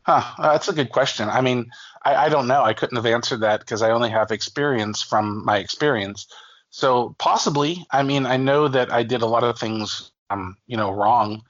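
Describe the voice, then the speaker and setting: A man's voice: medium pitch, moderate pace, a bit bright, no echo. A man in his forties, a guest author on an interview, telling stories casually with lots of fillers and restarts. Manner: rambling, many fillers and restarts, acts out quoted family voices. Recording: dull lo-fi dry audio.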